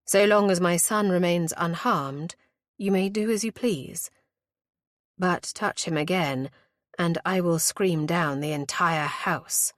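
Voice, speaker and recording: A woman's voice: on the low side, slow, dry recording, studio quality. A woman voicing a defiant noble mother. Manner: firm, proper.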